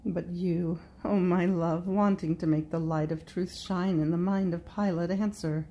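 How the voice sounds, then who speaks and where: Slow, prayerful woman devotional reader. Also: fairly low pitch, steady tone, mellow. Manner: slow, prayerful, addressing Jesus directly. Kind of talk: devotional meditation reading.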